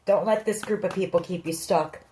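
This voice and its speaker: A woman's voice: mid-range voice, fairly quick, mellow, a little hiss or hum, rough recording. A woman giving a tarot reading, speaking earnestly and directly to the listener. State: emotional. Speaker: tarot reader.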